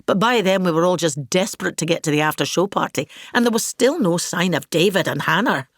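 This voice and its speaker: In a scripted comic monologue, a Scottish-accented woman plays a vain, grandiose older actress, pompous and gossipy with a grand mood. Her voice is on the low side, expressive and a little fast, captured in studio quality with no echo.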